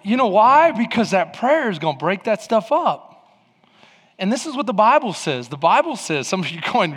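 Animated high-voiced preacher in a big hall. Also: male voice, moderate pace, a little hiss or hum. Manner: animated storytelling, bursts of shouting. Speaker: pastor. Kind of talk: sermon.

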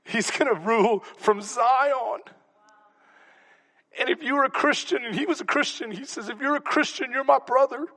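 A pastor preaching in a rather high voice, telling personal stories with open emotion and now and then dropping to a whisper. His sermon carries a long reverb, as if recorded in a big church hall. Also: normal speed, sharp tone. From Texas. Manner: storytelling, emotional, whispers for emphasis.

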